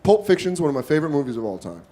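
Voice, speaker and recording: High, lively male stand-up comedian. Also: rapid-fire. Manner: animated, self-mocking, acting out scenes.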